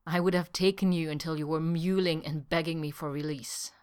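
A woman voicing a proud, hot-tempered young man who speaks in a low, intense, intimate way. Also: fairly even intonation, brisk, darkish tone, clear, resonant tone, natural voice.

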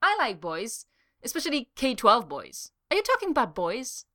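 A bouncy, naive young office man, eager and earnest in everything he says, as a woman reading a story puts him on. His voice rises brightly with each line. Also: on the high side, huge pitch swings, normal speed, pitched above the performer's own voice, full character voice.

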